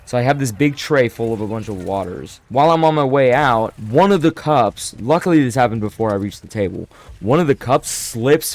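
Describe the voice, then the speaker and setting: Young guy, mid-pitched, rambling self-deprecating storyteller who trips over his words. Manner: animated, self-deprecating, restarts a lot. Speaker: storyteller vlogger. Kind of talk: casual storytime monologue.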